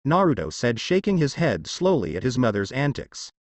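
Man reading fan fiction, animated pitch, dry close sound. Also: moderate pace, few pauses, dry recording.

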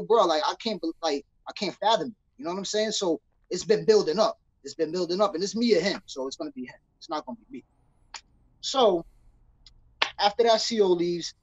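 Husky young New man telling stories. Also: high voice, dry recording, poor audio. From New York City. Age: young adult. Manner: animated, acts out quoted voices in street slang. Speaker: guest. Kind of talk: casual storytelling.

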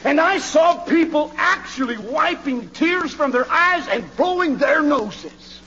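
A male preacher delivering a fiery revival sermon in a church, swinging from hushed pleading to hollering. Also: very high-pitched, animated, slow pace. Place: church sanctuary. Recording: dull, reverberant old church recording.

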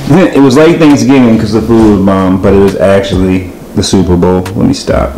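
A man's voice: on the low side, steady tone, moderate pace, over music, rough recording. A man who runs a dog kennel, chatting casually for a vlog in his yard, rambling and correcting himself as he goes. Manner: rambling, self-correcting, talks baby talk to his dogs. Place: outdoors in a yard.

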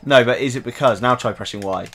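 A man's voice: mid-range voice, fast, fairly bright tone. A British man chatting and teasing his co-host while they play a video game. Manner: chatty, teasing, laughs often. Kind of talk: casual gaming chat.

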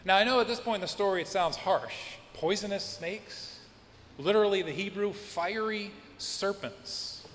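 A man's voice: high voice, moderate pace, slight background noise. Man preaching in a reverberant church. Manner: expressive preaching with acted-out quotes. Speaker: pastor. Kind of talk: sermon. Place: church sanctuary.

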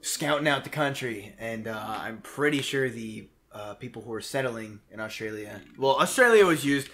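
A man's voice: mid-range voice, expressive, moderate pace, a bit bright. A man co-hosting a video game playthrough, joking and teasing in casual commentary. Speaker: let's play co-host.

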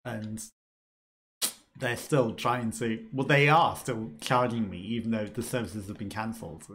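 A man's voice: lowish voice, a little slow, a bit bright, a little hiss or hum. Chatty man streaming a game. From United Kingdom. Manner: chatty, laughs often, reads menu items aloud with wry remarks. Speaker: let's play streamer. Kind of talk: casual gameplay commentary.

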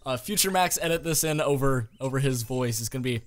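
A man's voice: mid-range voice, fast, slight background noise. A young man co-hosting a video game playthrough, crude and teasing, swearing often at his friend. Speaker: gaming video co-host. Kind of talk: casual let's-play banter. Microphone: desk mic.

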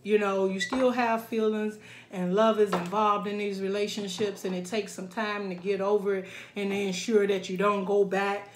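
A woman giving a casual tarot reading in an animated way, laughing often and acting out quoted lines. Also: mid-range voice, normal speed, echoey room, noisy background. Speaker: tarot reader.

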